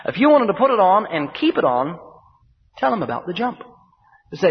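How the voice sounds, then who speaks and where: A man's voice: high voice, big pitch swings, a little fast, long pauses. A man preaching a sermon in an emphatic, rhythmic style, building points through repetition and acted-out dialogue. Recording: dull recording with long hall reverb.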